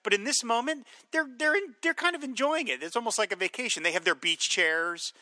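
A man co-hosting a podcast who recaps a TV episode and chats about it in a lively way, now and then mimicking lines from the show. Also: extremely high pitch, a little fast, no echo. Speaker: podcast co-host. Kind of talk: episode recap and casual chat.

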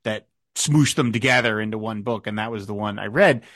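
A man's voice: fairly low pitch, a little fast, a bit bright, no room sound, clean studio sound. A man hosting a podcast, asking long questions that loop back on themselves and correcting himself. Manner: rambling questions with restarts. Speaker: podcast host. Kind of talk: casual podcast chat.

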